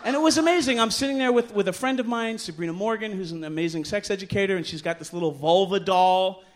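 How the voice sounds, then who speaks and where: On a bar stage, a middle-aged man tells a bawdy story live, fast, animated and self-mocking. When he acts out what people said, he jumps into loud, high voices.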